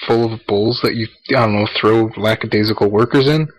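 A Canadian-accented man on a casual podcast, speaking in a somewhat low voice. He talks bluntly and jokingly and swears without a second thought. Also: steady tone, fairly quick, poor audio. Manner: blunt, swears freely, jokey. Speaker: podcast co-host.

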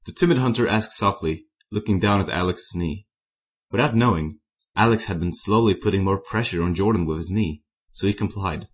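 Man narrating fan fiction, very low voice, plain reading with small slips. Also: normal speed, slightly rough. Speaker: story reader.

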